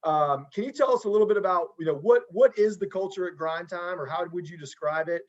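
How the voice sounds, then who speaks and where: A man's voice: high-pitched, brisk, dull audio. A man hosting a casual podcast interview as a football coach, earnest and encouraging, often restarting his sentences.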